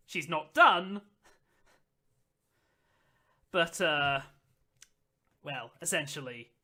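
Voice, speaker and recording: A game master narrating a tabletop game in a slow, hesitant way with fillers. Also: medium pitch, pushed and bright.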